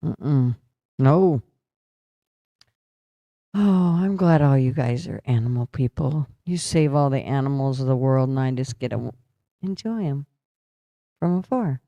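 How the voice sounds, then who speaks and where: Slow, tired livestream host. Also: medium pitch, lively intonation, warm tone, dry recording. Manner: loose and chatty, talking back to the chat. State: tired, yawning. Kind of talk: casual political chat, reading viewer comments aloud.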